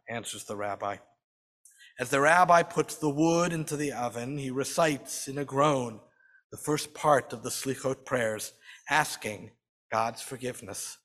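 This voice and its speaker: A man leading a Sabbath service, telling a story in a measured, dramatic way with slow, drawn-out phrases. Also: medium pitch, fairly bright tone. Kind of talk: storytelling sermon. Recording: long hall reverb.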